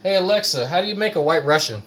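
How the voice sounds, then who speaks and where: A man rants in a casual, profane, mocking way. His pitch swings widely as he talks. Faint night insects and ambience sit behind him at home. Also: animated, fast talker, fairly bright tone, a little hiss or hum, low-quality recording. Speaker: commentary host. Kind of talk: casual ranting commentary.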